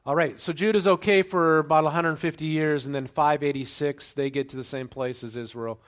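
A man preaching a sermon in a conversational way, checking in with the congregation and turning louder and higher when he reads scripture aloud. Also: fairly even intonation, brisk. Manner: conversational preaching with frequent fillers and check-ins; raises pitch and volume when reading scripture aloud. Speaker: pastor.

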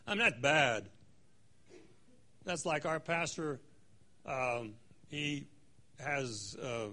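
A man's voice: fairly high pitch, pushed and bright. A man leading a conversational Bible study in a church room, reading scripture dramatically and adding joking asides.

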